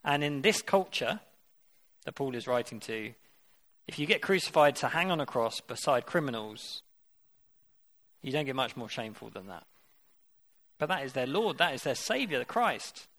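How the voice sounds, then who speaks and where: Guy preaching, reads the bible then quizzes the room, mid-pitched voice. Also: sing-song, normal speed, long pauses, a bit bright. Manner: reads scripture aloud, then questions the listeners directly. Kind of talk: interactive sermon.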